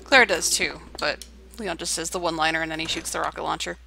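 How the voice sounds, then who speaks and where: Low-voiced relaxed young woman gamer. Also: fast talker, vocal fry, music in the background. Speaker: streamer playing the game. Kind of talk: let's play commentary.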